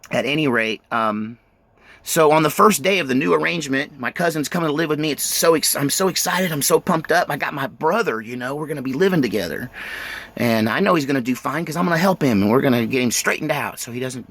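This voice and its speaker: A man's voice: mid-range voice, creaky, fairly bright tone. A middle-aged man telling his own life story in a rambling, self-interrupting way, full of fillers and restarts. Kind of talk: autobiographical storytelling.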